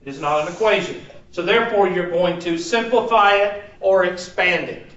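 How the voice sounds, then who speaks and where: A man's voice: sits high, moderate pace, fairly bright tone, recorded from a distance. A man lecturing a math class, joking and teasing while he quizzes his students. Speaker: math instructor. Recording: echoey muffled room recording from afar with faint hiss.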